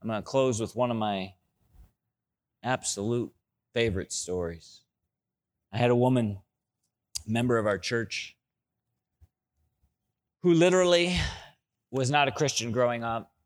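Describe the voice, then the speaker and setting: A middle-aged male pastor preaching a sermon and telling stories, with loud, excited bursts that drop into soft, low asides. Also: measured pace, long pauses.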